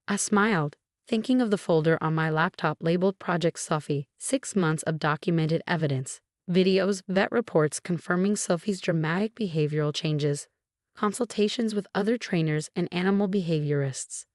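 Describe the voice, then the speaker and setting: A woman narrating a first-person scripted story in a steady, measured way. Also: fairly low pitch, no room sound, studio quality.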